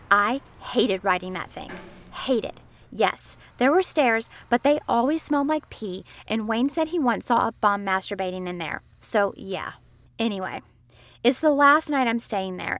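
Woman telling a scary story over music. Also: fairly high pitch. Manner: building tension, dropping to whispers at eerie moments. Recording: clear music bed behind voice.

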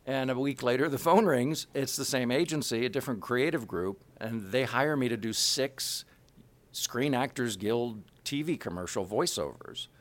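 A man in his sixties from Kansas City, telling animated stories as an interview guest. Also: mid-range voice, moderate pace. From Kansas City, USA. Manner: animated, acts out quotes, laughs. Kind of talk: anecdotal storytelling.

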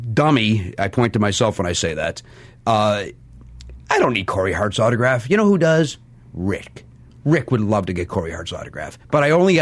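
Male podcast guest, lively storyteller, self-deprecating, very expressive pitch, dry close sound. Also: no room sound. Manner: animated, self-deprecating, many restarts and fillers. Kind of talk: casual storytelling.

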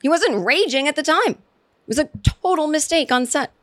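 A woman's voice: high voice, lively intonation, normal speed, a bit bright. Chatty woman hosting a comedy podcast. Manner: chatty, rambling, sarcastic, many restarts. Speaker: podcast host. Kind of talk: solo comedy podcast rant.

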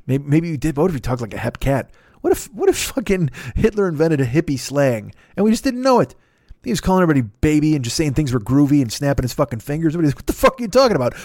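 A man's voice: a little high, a little mellow, no echo, studio quality. A man host riffing through a profane, rambling comedic monologue. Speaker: podcast host.

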